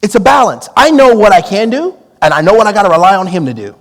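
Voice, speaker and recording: A man preaching a storytelling sermon, drawing on his time as a police negotiator and acting out the dialogue with lively energy. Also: high voice, fast, big-room sound. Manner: animated, acts out quoted dialogue with laughs.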